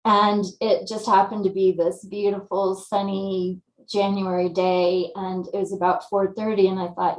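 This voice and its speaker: A woman from California, a guest telling her story in a lively, casual way and acting out her own thoughts. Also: mid-range voice, normal speed, echoey room, poor audio. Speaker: interview guest.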